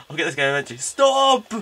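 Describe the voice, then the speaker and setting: A man giving jokey, excitable let's play commentary. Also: mid-range voice, husky. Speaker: game commentator.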